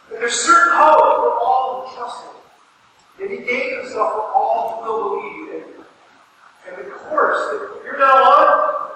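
A man's voice: very high-pitched, bright, forceful tone, slight background noise. A man preaching a sermon in a church, earnest and emphatic, repeating key phrases for weight. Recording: echoey hall recorded from far off.

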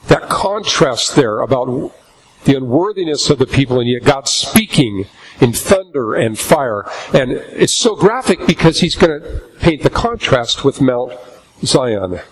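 A man preaching a sermon in a church, reading scripture aloud and slowing down for emphasis. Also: medium pitch, slight background noise, rough recording. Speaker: pastor.

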